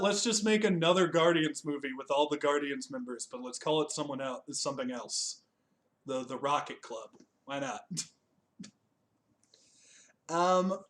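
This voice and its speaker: A man's voice: on the high side, a little slow. A young man hosting a casual chat, joking, swearing freely and laughing often as he reviews a TV special. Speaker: podcast host.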